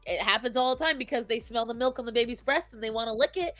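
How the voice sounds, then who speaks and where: A woman's voice: a little high, fast talker, fairly bright tone, no echo, soft background music. A woman co-hosting a casual talk show, speaking emphatically and acting out quotes as she makes her points. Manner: emphatic, opinionated, acts out quotes. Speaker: podcast co-host. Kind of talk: casual chat on pet behavior.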